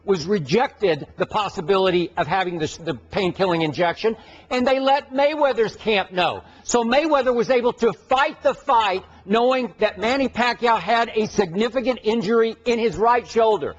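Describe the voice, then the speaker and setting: A man argues his side of a heated sports debate, stacking up facts point by point with insistence. His voice sits high. The audio is dull and lo-fi, like a radio broadcast. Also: normal speed.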